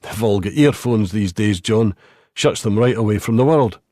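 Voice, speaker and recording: A man's voice: on the low side, normal speed, mellow, no room sound, clean studio sound, lightly acted. A man voicing a wry, easygoing male ex-policeman.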